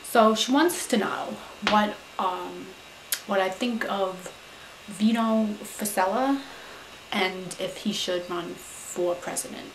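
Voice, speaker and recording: A woman's voice: medium pitch, slow, heavy background noise, close to an everyday voice. A woman playing a brash, profane Staten Island girl. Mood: chatty, confident. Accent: New York. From Staten Island, New York. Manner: loud, profane, indignant, full of "you know". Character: brash, foul-mouthed young Staten Island woman, indignant. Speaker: advice-giving vlogger character. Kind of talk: comic character monologue to camera. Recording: roomy echo.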